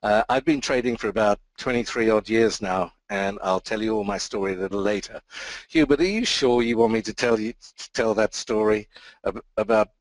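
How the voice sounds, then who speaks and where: A man's voice: lowish voice, normal speed, no echo, poor audio. A middle-aged man from the Isle of Wight with a Southern English accent, presenting a trading webinar in a chatty, self-deprecating storytelling way over a computer mic. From Isle of Wight, England.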